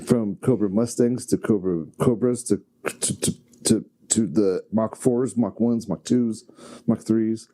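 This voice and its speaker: Podcast dude, super dark mellow voice, excited, lists stuff off fast. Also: male voice, fairly low pitch. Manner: enthusiastic, rattles off lists. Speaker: podcast co-host. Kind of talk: casual podcast chat.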